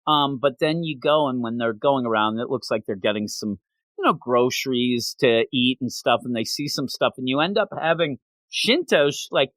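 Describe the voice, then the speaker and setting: A man's voice: medium pitch, moderate pace, a bit bright, dry recording. A man co-hosting a manga review podcast, retelling the story in casual chat and acting out the characters' lines.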